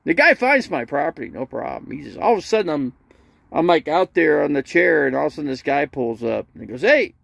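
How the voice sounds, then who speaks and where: A man's voice: fairly high pitch, sing-song, fast, gravelly, a bit bright, no room sound. A man telling rambling, funny stories in a casual livestream, often laughing, stammering and restarting his sentences. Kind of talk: casual storytelling.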